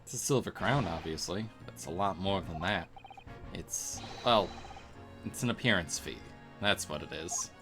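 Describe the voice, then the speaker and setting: A man voicing a gruff, boastful middle-aged police inspector who speaks brusquely with a put-on regional voice. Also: low-pitched, lively intonation, moderate pace, music in the background.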